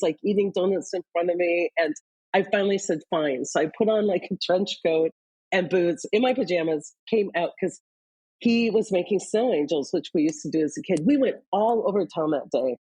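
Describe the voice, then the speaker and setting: A woman from Iowa speaks as an interview guest in a low, husky, mellow voice. She tells personal stories candidly, moving between quick bursts and slower pauses. The sound is dry and close. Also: dry recording, rough recording. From Iowa, US Midwest. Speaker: guest, leadership author.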